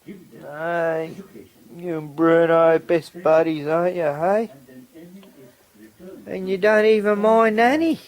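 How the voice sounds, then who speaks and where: A man's voice: a little high, fairly even intonation, slow pace, pauses often. A man ranting in a casual outdoor vlog, swearing at crowing roosters and cooing to his dogs. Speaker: vlogger. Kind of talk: casual outdoor rant to camera. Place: outdoors in a rural yard.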